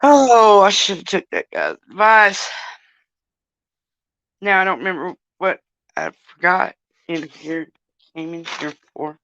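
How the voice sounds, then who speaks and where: A woman in pain chats with her viewers as she moves about, her voice bright and cutting. She swears freely and groans often, and her speech comes slow and drawn out. The sound is dry and close. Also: lowish voice, big pitch swings, dry recording, lo-fi sound. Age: older. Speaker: vlogger. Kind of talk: casual live-stream chat.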